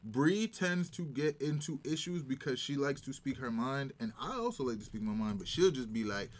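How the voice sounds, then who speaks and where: A man chatting casually as a guest, telling stories in an animated, emphatic way. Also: mid-range voice, moderate pace. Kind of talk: casual chat.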